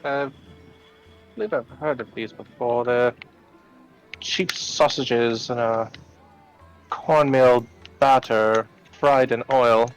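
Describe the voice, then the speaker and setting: A man's voice: mid-range voice, takes it slowly, long pauses, soft background music, poor audio. Hesitant man explaining at a game table. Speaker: player. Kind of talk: casual tabletop role-play.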